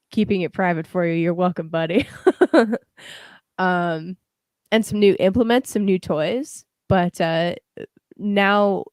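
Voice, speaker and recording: A woman's voice: on the low side, darkish tone, no room sound, clean studio sound. Chatty young woman reading tarot. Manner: chatty and encouraging, with frequent fillers and casual swearing. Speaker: tarot reader and livestream host. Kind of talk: casual livestream card reading.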